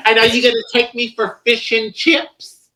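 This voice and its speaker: A woman's voice: a little high, monotone, normal speed, bright, forceful tone. A woman guest in a casual interview, bubbly and playful, full of exclamations. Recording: echoey room.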